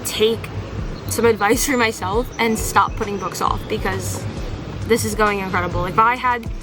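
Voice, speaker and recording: A woman chatting in a casual reading vlog outdoors, gushing and excitable, full of "like" and "oh my God". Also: medium pitch, normal speed, over music. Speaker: book vlogger.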